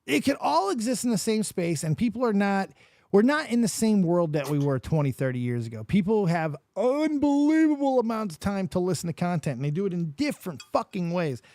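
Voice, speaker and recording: A man's voice: high-pitched, very animated, fairly quick, darkish tone, no room sound. A man hosting a podcast, ranting in a casual, profane way as he chats. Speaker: podcast host. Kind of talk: casual chat.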